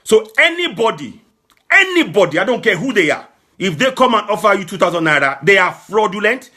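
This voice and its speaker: A man giving an impassioned political address to his audience, fervent and repetitive, sometimes shouting. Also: high voice, sing-song, brisk. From Nigeria. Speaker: political broadcaster.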